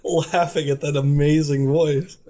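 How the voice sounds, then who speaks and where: Flat, slow-talking man playing a game. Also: fairly high pitch. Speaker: player. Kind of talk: casual role-play banter.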